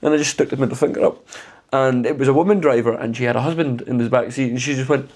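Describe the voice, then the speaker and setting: A young man bantering on a podcast, teasing and quick to laugh. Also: mid-range voice, a little mellow. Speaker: podcast co-host. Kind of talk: casual banter chat.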